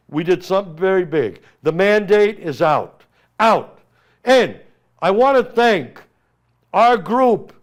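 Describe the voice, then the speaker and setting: A middle-aged Armenian American man, a congressional candidate hosting a talk show, delivers an emphatic, impassioned political monologue and speaks directly to his opponents. His voice sits high.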